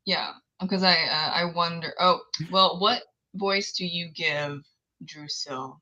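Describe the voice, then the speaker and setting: A woman author chats loosely on a book launch livestream. Her voice sits low but rings bright and clear. She wanders between thoughts and laughs easily. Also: fairly even intonation, takes it slowly, lo-fi sound. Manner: chatty, scattered, laughs often. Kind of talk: casual livestream chat.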